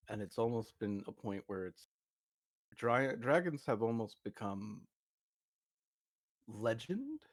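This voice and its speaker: A man playing a tabletop game, speaking in character slowly and hesitantly with many pauses. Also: fairly low pitch, dry recording. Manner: slow and hesitant, many uhs. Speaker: player.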